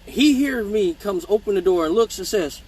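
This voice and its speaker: Animated, profane male storyteller. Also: sits high, moderate pace, a little hiss or hum, poor audio. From Michigan. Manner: profane, animated, mimics voices in stories. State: hiccups. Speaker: live-stream host telling stories. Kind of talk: casual storytelling.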